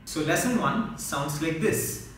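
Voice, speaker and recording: A man teaching beginner drum strokes in a slow, patient way, counting beats aloud and demonstrating. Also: on the high side, expressive. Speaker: mridangam teacher. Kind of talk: instructional lesson. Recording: very echoey room, mic at a distance, loud noise.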